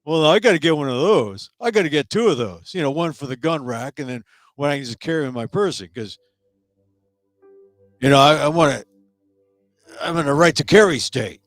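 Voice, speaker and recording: Uomo che imita un tipo scettico amante delle armi, tono popolare e beffardo, voce vivace. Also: male voice, a little high, lively intonation, brisk, long pauses, no echo, soft background music, close to an everyday voice. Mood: mocking. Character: gun-loving male vaccine skeptic.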